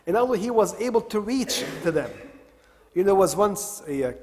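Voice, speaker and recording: A man's voice: sits high, expressive, moderate pace, darkish tone. A man giving a religious talk at an Islamic center, telling stories and repeating his key phrases for emphasis. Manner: retells stories, repeats key phrases, mixes in Arabic devotional expressions. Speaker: religious lecturer. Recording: long hall reverb.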